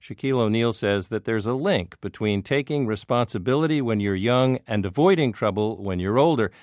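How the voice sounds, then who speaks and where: A man hosting a radio feature, reading scripted narration and asking questions in a measured, wry way. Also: fairly low pitch, animated, a little mellow, no echo, clean studio sound. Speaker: radio host, reporter.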